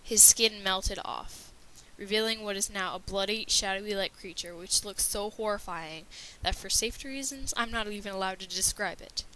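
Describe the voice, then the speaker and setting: A woman's voice: medium pitch, moderate pace, few pauses, sharp tone, low-quality recording. A woman narrating a scripted horror story with a dramatic reading manner.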